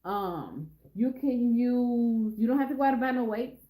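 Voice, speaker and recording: A middle-aged woman hosts a casual live stream, chatting and rambling as she talks straight to her viewers. Her voice sits a little high, with a warm, mellow tone. The sound carries a noticeable room echo. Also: lively intonation, unhurried. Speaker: lifestyle vlogger hosting a live stream.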